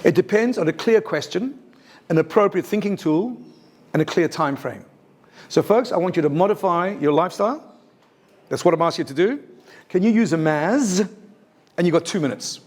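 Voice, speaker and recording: Lively man presenting a teaching workshop. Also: sits high, normal speed, pauses often. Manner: lively, emphatic, asks the audience questions. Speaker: teacher trainer. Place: university lecture room.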